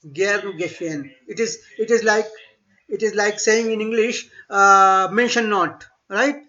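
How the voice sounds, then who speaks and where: A man teaching a German class online, speaking slowly and repeating words for students to echo. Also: high-pitched, bright, forceful tone. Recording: dull lo-fi online class audio.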